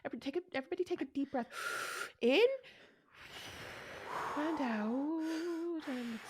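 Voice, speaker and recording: A woman's voice: high-pitched, quick pace, noisy background. A woman playing a tabletop game, speaking in a soothing, fluttery, giggly way. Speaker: player. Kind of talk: casual tabletop play.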